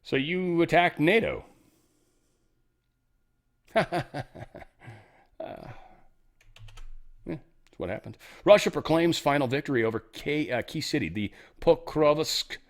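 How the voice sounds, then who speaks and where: A man's voice: fairly high pitch, sing-song, measured pace. Rambling sarcastic male news host. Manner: rambling, sarcastic, swears, does mock voices. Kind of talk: casual news commentary.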